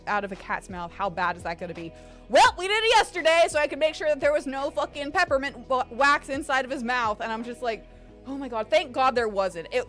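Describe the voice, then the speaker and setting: A young woman streamer chatting casually, telling an animated story and swearing freely. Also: fairly high pitch. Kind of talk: casual chat.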